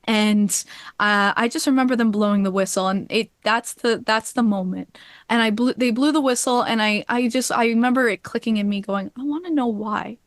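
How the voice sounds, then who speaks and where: A woman guest on a podcast telling a heartfelt personal story, animated and quick to laugh, getting choked up. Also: a little high, dry recording, studio quality.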